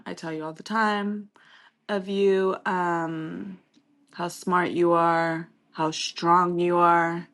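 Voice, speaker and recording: A woman leaving an affectionate birthday voicemail for her best friend, speaking in a measured way. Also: lowish voice.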